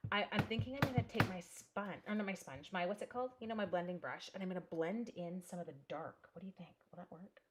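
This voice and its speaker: Speaking fast with hardly any pauses, a woman with a lowish voice demonstrates crafts live from her home craft room. She chats, thinks out loud, and greets viewers by name, with a little hiss or hum on the audio.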